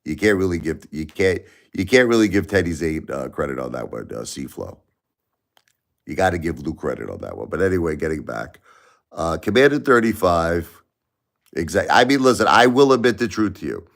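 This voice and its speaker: Male live streamer, very low voice, rambling casual chatter at home. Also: animated, moderate pace. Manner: rambling, repeats himself, talks to chat by name. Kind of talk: casual late-night live stream chat. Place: home at night, family asleep.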